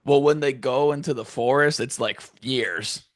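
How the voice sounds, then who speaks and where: A young man co-hosts a casual podcast chat in a mid-range voice at a moderate pace, recorded dry with clean studio sound. He laughs often, swears, and acts out characters in exaggerated voices.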